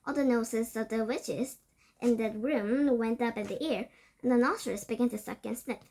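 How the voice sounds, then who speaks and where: A woman reading a children's novel aloud, with steady narration and occasional slips over words. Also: fairly high pitch, normal speed. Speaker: storybook reader.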